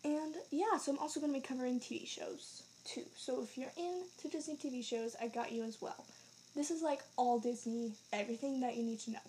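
A woman hosting her own podcast in a bubbly, excited, rambling way, a little out of breath and correcting herself as she goes. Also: high voice, a little fast, slight background noise. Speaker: podcast host. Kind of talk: casual solo podcast chat.

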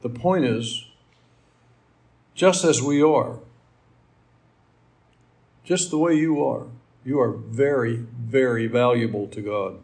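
Male preacher, middle-aged, gravelly, conversational and folksy sermon delivery. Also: medium pitch, slow, pauses often, darkish tone. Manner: folksy, rambling, with asides and fillers.

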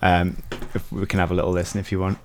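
Man co-host, lowish voice, self-deprecating and rambling, remote call. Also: monotone, fast, slight background noise. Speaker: musician and co-host. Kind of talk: casual podcast chat.

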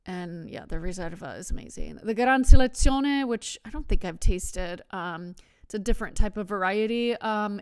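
A woman with a smooth, resonant voice that sits a little high, talking in a loose, rambling way. She hosts a casual wine podcast, fills her sentences with fillers and restarts, and laughs easily as she trips over foreign words. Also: darkish tone. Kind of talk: casual chat.

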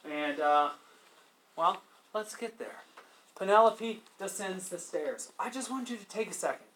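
A male teacher lecturing a class, animated, asking students questions and acting out quotes as he retells a story. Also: sits high, unhurried. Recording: echoey classroom.

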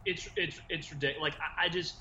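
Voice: mid-range voice, steady tone, fast talker. A podcast co-host in casual sports talk, restarting sentences and filling them with "like". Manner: stammering restarts, many fillers of "like". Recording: muffled and roomy with faint background noise.

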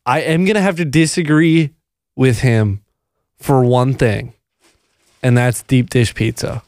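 Animated young man co-hosting a podcast. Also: medium pitch, measured pace, no echo, studio quality. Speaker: podcast co-host. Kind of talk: casual chat.

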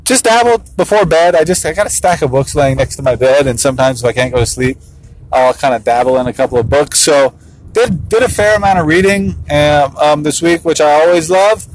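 In a casual vlog monologue, a thirty-something dad and business owner talks briskly and animatedly in a slightly high voice. He laughs often and mimics his children for fun. The recording quality is low.

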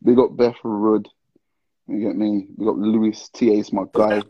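A man hosting a casual livestream, tipsy and excitable, heavy on slang as he calls out to viewers. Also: on the low side, normal speed, slight background noise. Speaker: livestream host. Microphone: live stream with call-ins. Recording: dull lo-fi stream audio.

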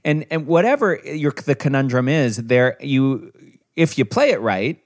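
A man's voice: medium pitch, animated, a little slow, no echo, clean studio sound. Reflective male podcast host. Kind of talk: casual podcast chat.

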